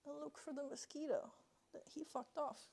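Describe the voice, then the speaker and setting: A woman's voice: high-pitched, normal speed, gravelly. A woman streamer chatting casually on a live stream from home into her phone, swearing often. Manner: chatty, swears a lot, yells at bugs. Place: indoors at home.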